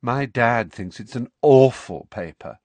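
An odd, dreamy teenage girl states things plainly and vaguely, voiced by a man reading aloud. The voice is a little above his own, with a lively pitch. It is recorded dry and close. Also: a little slow, no room sound, lightly acted. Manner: dreamy, matter-of-fact.

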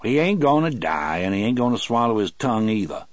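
A man voicing a tough, gruff male prison guard who growls his words. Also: lowish voice, big pitch swings, fairly quick, no echo.

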